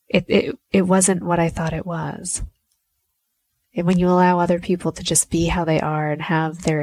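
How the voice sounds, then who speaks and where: A young woman muses aloud in a candid, casual monologue, laughing now and then. Her voice sits a little low. The sound is dry and close, with no room around it. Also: a little mellow, dry recording. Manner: candid and musing, with laughs and filler likes.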